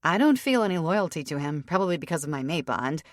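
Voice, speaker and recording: A spirited young werewolf woman, as a female narrator plays her, brisk and emphatic with a cheeky edge. The voice sits low for a woman and is recorded dry and close. She speaks bluntly and with upbeat force. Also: sing-song, no room sound. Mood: frank. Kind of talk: audiobook character reading.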